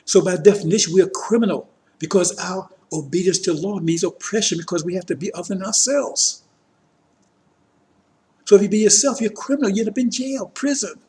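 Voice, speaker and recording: A man's voice: high voice, brisk, darkish tone. A man preaching a political lecture to a congregation, talking emphatically, firing rhetorical questions and often checking in with his listeners. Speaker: religious teacher addressing a congregation.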